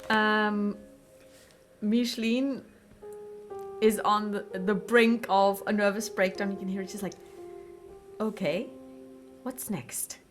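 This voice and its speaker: A woman's voice: mid-range voice, flat delivery, measured pace, pauses often. A woman narrating a tabletop game as game master, with wry, playful asides. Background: music.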